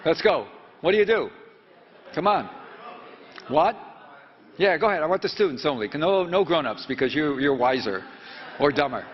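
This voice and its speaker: Speaking to students, this man in his seventies mixes storytelling with rapid questions to the room, and he halts often and leans on fillers. He's a reporter with a slightly high, expressive voice. Echo from the hall and dull, lo-fi audio mark the recording.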